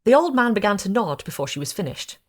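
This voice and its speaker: Lively woman reading a gothic tale. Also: mid-range voice, fast talker. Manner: lively, dramatic storytelling. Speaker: reader of short stories. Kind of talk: expressive audiobook narration.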